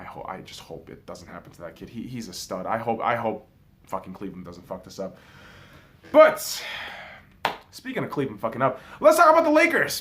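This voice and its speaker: A young man hosting a podcast, talking sports in a casual, profane, excitable monologue with big swings in volume. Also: mid-range voice. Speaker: podcast host.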